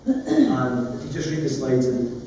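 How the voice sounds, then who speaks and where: A man gives an emotional, plain-spoken conference talk, his mellow voice picked up from a distance. The long reverb of a large hall rings around every phrase, with faint room noise underneath. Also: mid-range voice, very animated, a little slow. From Scotland. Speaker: conference speaker, lawyer. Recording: echoey hall from far off.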